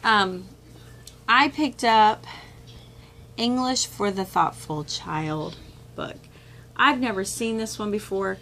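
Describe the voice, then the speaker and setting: A woman's voice: medium pitch, slow, long pauses, a little hiss or hum. A middle-aged woman vlogging at home about homeschool books she picked up, talking casually and acting out the voices of people she quotes. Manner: chatty and animated, acts out quoted voices with laughs and whispers. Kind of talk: casual chat, showing a curriculum haul. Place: home room with children nearby.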